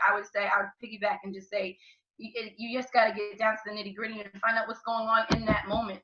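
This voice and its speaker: A woman's voice: mid-range voice, sharp tone, dull audio. A woman educator on an online panel, speaking frankly in a casual way.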